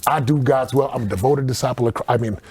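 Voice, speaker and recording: A man speaking as a podcast guest, telling stories in an earnest, animated way and acting out quotes. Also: medium pitch, quick pace, breathy edge. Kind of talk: casual podcast conversation.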